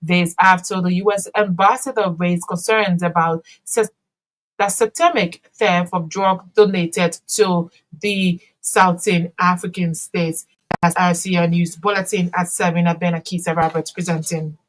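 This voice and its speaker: Woman, news presenter, measured formal delivery, lowish voice. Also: steady tone, poor audio. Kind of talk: read news bulletin.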